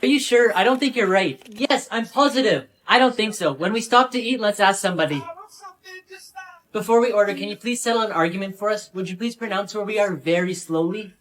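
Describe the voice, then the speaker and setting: A text-to-speech voice reading short joke stories and their dialogue in a flat, even way. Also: mid-range voice, fairly quick, slight background noise. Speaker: storytime narrator.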